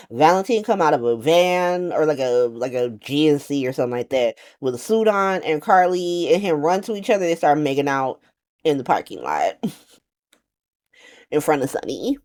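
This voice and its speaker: A woman giving a casual, slangy recap to camera, animated and profane, often laughing and slipping into quick playful voices. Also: sits low. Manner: does quick playful voices for quoted characters. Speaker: soap opera recap vlogger.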